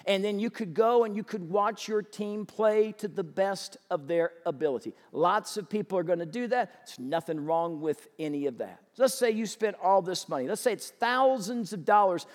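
Pastor guy preaching, high voice, big echoey church hall, gets animated. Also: moderate pace, few pauses. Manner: animated, acts out excited fans. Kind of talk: sermon. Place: church sanctuary. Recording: long church reverb.

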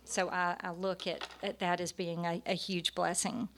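A woman's voice: lowish voice, level tone, normal speed, a little hiss or hum. A middle-aged woman giving a personal testimony to a church audience, storytelling with frequent hesitant fillers. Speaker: speaker at a church gathering.

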